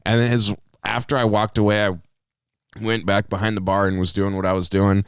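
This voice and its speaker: Laid-back podcasting man with a low, smooth voice. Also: a little fast, no room sound, studio quality. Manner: animated storyteller, swears freely, jumps into high voices quoting people. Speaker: podcast co-host. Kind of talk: casual storytelling chat.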